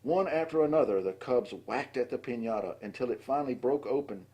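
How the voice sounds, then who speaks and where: An older man with a husky voice reading a children's storybook aloud and adding chatty asides between the lines. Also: medium pitch, a little fast, warm tone. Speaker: storybook reader.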